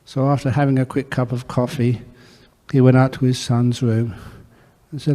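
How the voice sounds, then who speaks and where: A man's voice: mid-range voice, level tone, moderate pace. A man, a Buddhist monk, telling stories in a dharma talk and acting out the dialogue. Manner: warm anecdotal storytelling with acted dialogue. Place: monastery hall. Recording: long hall reverb.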